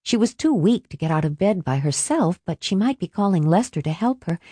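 Low-voiced woman reading a novel aloud. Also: lively intonation, a little fast, warm tone, husky, no room sound. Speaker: audiobook narrator. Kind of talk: scripted narration.

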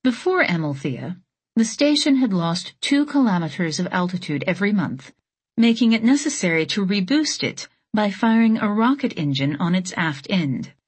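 A woman narrating an audiobook in a steady, measured reading. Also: mid-range voice, husky. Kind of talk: scripted narration.

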